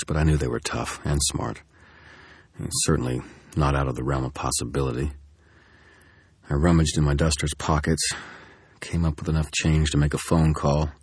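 A man giving steady, grim first-person audiobook narration. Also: very deep voice, moderate pace, husky, dry recording, studio quality.

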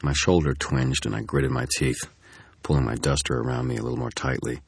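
A man giving steady, grim first-person audiobook narration. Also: rumbling low, fairly quick, gravelly, breathy edge, no echo.

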